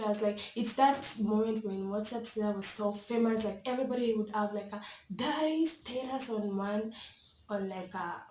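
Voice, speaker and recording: A young woman from Kenya telling a story to her camera in a casual, animated way, laughing often and filling with "like" and "you know". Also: medium pitch, moderate pace, echoey room, slight background noise. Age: young adult. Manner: animated, dramatic, laughs often, many likes and you-knows. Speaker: vlogger.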